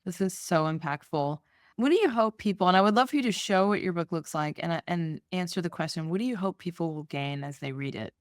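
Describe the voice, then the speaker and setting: Low-voiced woman podcast host. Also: expressive, brisk, no room sound, clean studio sound. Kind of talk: casual interview.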